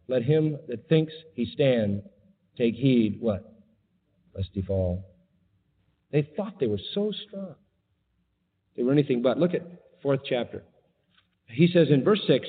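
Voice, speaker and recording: A man preaching a sermon, emphatic and animated, mocking his subject with sarcastic quotes. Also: big-room sound, narrow, tinny audio. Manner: emphatic, sarcastic quoting with big pitch jumps.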